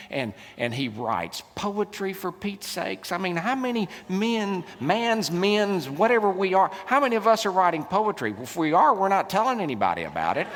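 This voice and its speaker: A middle-aged man, preaching a sermon as a keynote speaker, telling stories with humor and big swings in loudness. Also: high-pitched, gravelly. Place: large hall. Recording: reverberant hall.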